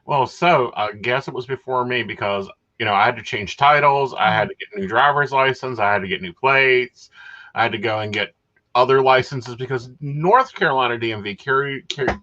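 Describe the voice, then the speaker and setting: A man's voice: medium pitch, brisk, sharp tone, muffled recording. A man in a casual talk-show chat who keeps insisting on his own view and contradicting the host.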